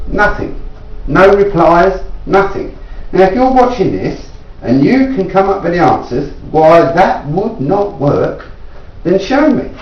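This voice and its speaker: A man from England, a self-taught inventor, earnestly explaining his device and insistently challenging viewers to prove it wrong, rising in pitch as he pleads. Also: a little mellow. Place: indoors at home. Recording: echoey room, distant mic, dull lo-fi sound.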